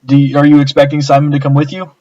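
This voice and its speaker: A man narrating as game master in a relaxed way, with many fillers. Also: on the high side, rapid-fire, muffled recording.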